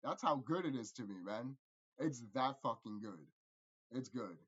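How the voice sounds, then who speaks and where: A man rambling through a casual movie review, profane and animated, laughing often. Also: mid-range voice, moderate pace, slightly rough, highs cut off.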